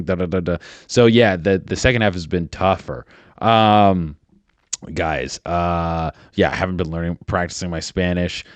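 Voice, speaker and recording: Low-voiced young man rambling casually. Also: no echo. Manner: rambling, profane, many fillers. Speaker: podcast host. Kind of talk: casual solo podcast chat.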